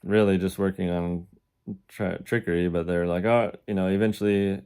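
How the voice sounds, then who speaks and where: A man's voice: low-pitched, fairly even intonation, moderate pace, a little mellow, smooth. A man telling his own story in a casual, indignant way, laughing between lines. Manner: indignant, laughs between lines, acts out the quoted officers in a raised voice. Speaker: defendant recounting his jail experience. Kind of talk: casual first-person storytelling.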